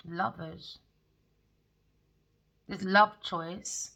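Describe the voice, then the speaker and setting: A woman giving a spoken tarot reading, blunt and excitable, swearing freely. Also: on the low side, very slow, gravelly, poor audio. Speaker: tarot reader.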